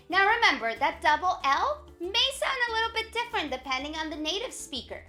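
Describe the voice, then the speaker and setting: Bright, lively woman teaching Spanish. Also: sits high, faint music behind. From Colombia. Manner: lively, encouraging, slow modelled repetition. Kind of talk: upbeat video lesson.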